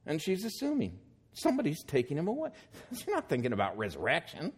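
A man's voice: a little high, huge pitch swings, brisk, husky. A man preaching a sermon, reading scripture aloud and then explaining it with growing emphasis.

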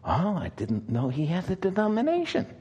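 Man playing a chatty German woman, German accent, friendly, high voice. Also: wildly swooping pitch, moderate pace, darkish tone, muffled recording, a little hiss or hum. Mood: curious.

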